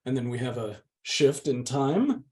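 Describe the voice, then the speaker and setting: A man's voice: medium pitch, big pitch swings, a little slow, darkish tone. A man, the channel's host, steadily reading a novel's chapter aloud. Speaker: book reader, channel host.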